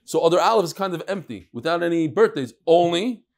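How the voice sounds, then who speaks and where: A man's voice: on the high side, animated, fast talker. Man teaching a joking Talmud class. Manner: joking, teasing back and forth with a live class. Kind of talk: daily Talmud class with casual banter. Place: classroom with a live audience.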